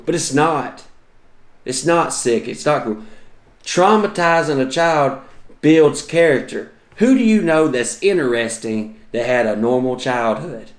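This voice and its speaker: A man's voice: a little high, reverberant. Profane man telling comic stories. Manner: profane, exaggerated, self-mocking. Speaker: podcast host and comedian. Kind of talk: comedic storytelling monologue.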